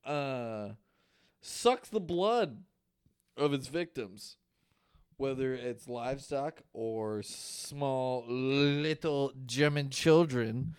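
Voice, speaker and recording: Animated, profane male podcast storyteller. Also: mid-range voice, extremely slow, clear, resonant tone. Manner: animated, profane, laughs often. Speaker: podcast co-host. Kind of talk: casual chat, storytelling folklore.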